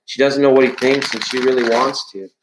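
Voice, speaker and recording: A man's voice: mid-range voice, fairly even intonation, a little fast, background noise. A man hosting a live tarot stream, chatting playfully with viewers and sometimes singing scales. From Canada. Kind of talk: casual live-stream chat reading viewer comments. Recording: echoey room.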